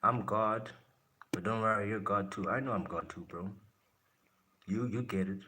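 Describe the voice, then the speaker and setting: Man, lowish voice, from south africa, blunt casual live-stream chat, laughs a lot. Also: steady tone, moderate pace, bright, forceful tone. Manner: blunt, laughs often, answers viewer chat.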